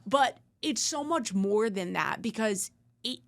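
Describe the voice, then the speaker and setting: A woman's voice: on the high side, animated, measured pace, creaky. A woman attorney hosting a podcast, talking casually and earnestly, blunt and free with swearing while she searches for the right words. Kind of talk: casual conversation.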